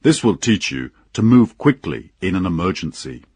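Calm older captain in a storybook reading, gentle and low-voiced , a man putting it on. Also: normal speed, creaky, slightly rough, dry recording, exaggerated voice. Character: calm older male ship captain, kindly.

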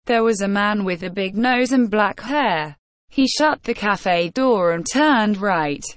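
Female narrator, mid pitch, unhurried graded-reader delivery, dry booth sound. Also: expressive, no room sound. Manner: measured, careful reading with quoted dialogue.

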